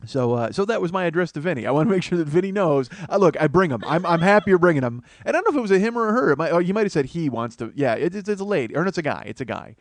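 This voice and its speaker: A middle-aged man hosting a solo comedy podcast, rambling and profane, breaking into loud mock voices. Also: on the high side, sing-song, rapid-fire, few pauses, no room sound. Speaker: comedian host.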